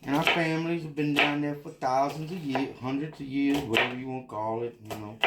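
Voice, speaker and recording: A man's voice: mid-range voice, fairly even intonation, moderate pace, reverberant, very noisy. A tipsy man with a Louisiana Cajun accent, cooking and rambling in a folksy, drawling way for a casual cooking vlog. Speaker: home cook.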